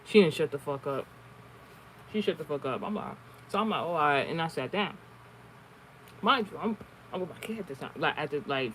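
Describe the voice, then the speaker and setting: Rambling, profane man, fairly high voice. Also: a little hiss or hum, poor audio. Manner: rambling, profane, many restarts. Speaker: online streamer. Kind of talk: casual storytelling and card reading.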